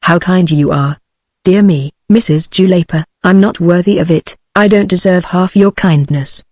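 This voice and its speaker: A British woman text-to-speech voice reading the part of a gentle, feeble and miserable young man, without changing voice. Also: fairly low pitch, moderate pace, dry recording, studio quality, natural voice. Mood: pleading. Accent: British English. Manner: plain synthetic reading, no change of voice.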